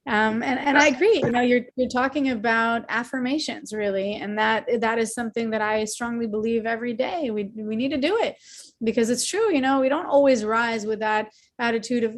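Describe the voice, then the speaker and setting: A woman's voice: a little high, moderate pace. A woman hosting a group video call, upbeat and affirming, repeating words as she thinks. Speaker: call host.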